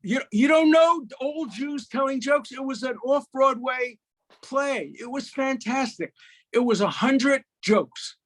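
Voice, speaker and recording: A man in his eighties from Brooklyn, a guest telling jokes and stories in a lively, punchy way. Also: very high voice, a little slow. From Brooklyn, USA. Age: 80s. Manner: lively raconteur, punchy delivery. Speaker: guest, lawyer. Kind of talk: animated storytelling, joke-telling chat.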